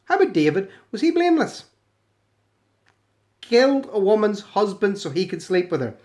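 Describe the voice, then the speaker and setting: A man's voice: fairly high pitch, big pitch swings, moderate pace. A British man giving sarcastic, swearing commentary on comments he reads aloud in mocking voices. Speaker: video commentator.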